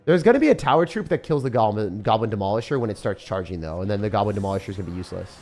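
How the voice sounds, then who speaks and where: A young man giving casual, excitable gameplay commentary, often breaking into disbelief and calling the listener dude or bro. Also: on the low side, rapid-fire, soft background music. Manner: excitable, frequent disbelief outbursts, calls viewers dude and bro. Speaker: gaming creator.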